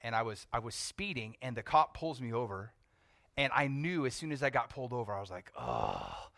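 A young man preaching, telling a personal testimony with animated storytelling that swings from hushed to loud. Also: medium pitch, fairly quick, creaky, no echo, clean studio sound. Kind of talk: testimony sermon.

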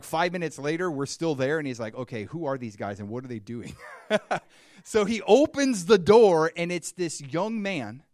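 Animated male preacher, dry close sound. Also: a little high, dry recording. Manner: animated storyteller, swings from quiet to excited. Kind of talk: sermon with storytelling.

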